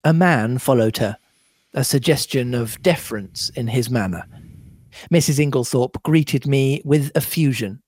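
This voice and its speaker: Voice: medium pitch, a little slow, no room sound. A podcast co-host reading a novel aloud and laughing often in the breaks. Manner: lively, laughs often between passages.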